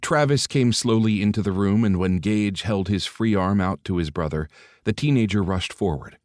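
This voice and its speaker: A man narrating an audiobook in a measured, even storytelling manner. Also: lowish voice, no echo. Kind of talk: scripted narration. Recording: dry close studio mic.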